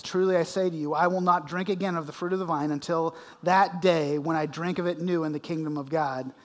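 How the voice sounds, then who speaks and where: Male preacher, higher voice, verse-by-verse sermon, long reverb of a church hall. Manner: expository preaching with dramatic readings of scripture. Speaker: pastor.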